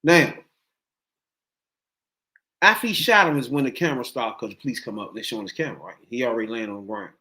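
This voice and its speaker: Animated slangy male podcast host. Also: mid-range voice, fast talker, pauses often. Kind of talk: casual storytelling chat.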